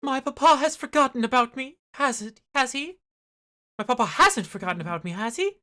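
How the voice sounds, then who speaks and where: A woman's voice: sits high, expressive, a little fast, sharp tone, pitched above the performer's own voice. Woman voicing a sweet naive noble girl. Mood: eager.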